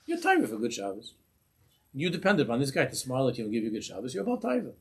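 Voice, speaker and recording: A man giving an informal Torah class as a rabbi, lively and humorous, laughing at his own examples and mixing in Hebrew and Yiddish terms. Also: mid-range voice, fast talker, slightly rough. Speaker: rabbi teaching a weekly class.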